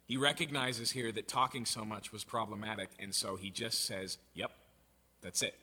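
Husky-voiced man preaching verse by verse. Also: fairly low pitch, normal speed. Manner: reads scripture aloud then explains it, animated and conversational. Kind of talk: expository sermon.

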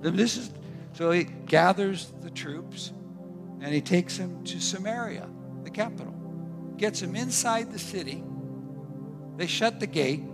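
Male preacher, emphatic, soft music behind. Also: unhurried, pauses often. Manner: preaching with emphatic repetition and sudden pitch swings. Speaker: pastor. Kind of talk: sermon.

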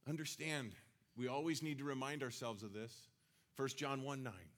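A man's voice: mid-range voice, moderate pace, fairly bright tone. A man preaching a sermon in a conversational way, now and then acting out quoted voices. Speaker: pastor.

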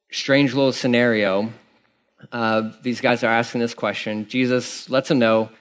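A man preaching from the pulpit in an easygoing, conversational way. He wanders through asides and fillers rather than sounding polished. His voice sits at an ordinary middle pitch for a man. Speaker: pastor. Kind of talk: sermon.

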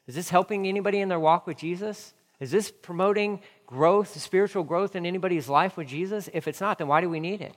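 A man preaching in a church, his voice sitting a bit high for a man and trailing off into a long hall reverb. He gets fired up, repeats key phrases and hammers rhetorical questions at the congregation. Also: animated, brisk, hardly any pauses. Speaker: pastor. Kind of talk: sermon.

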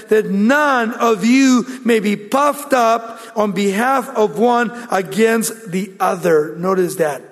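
A pastor preaching a sermon, asking the listeners rhetorical questions and answering them aloud with emphasis. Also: male voice, high voice, long reverb tail.

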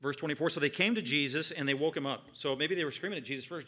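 Delivering a sermon in a rapid-fire rush with few pauses, a male pastor hammers points home by repeating phrases. His volume swings from loud peaks down to quiet, low stretches.

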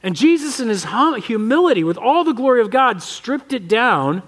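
A man with an American accent preaching a conversational, animated sermon as pastor of a church, often acting out the voices he quotes. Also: very high-pitched, moderate pace. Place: church sanctuary.

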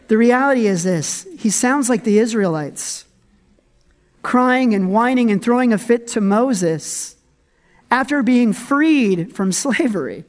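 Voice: lively intonation, measured pace. A pastor preaching a conversational sermon, reading scripture and commenting with humor and frequent laughs. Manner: conversational and humorous, laughs often, dramatic swings in pitch.

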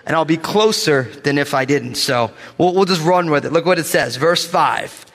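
A man preaching a sermon as pastor, animated and joking, calling the congregation for amens. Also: a little high, moderate pace. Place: church sanctuary. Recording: long reverb of a church hall.

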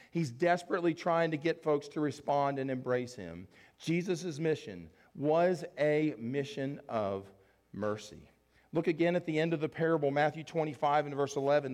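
Man, pastor, sermon, earnest, emotional, pleading, slightly high voice.

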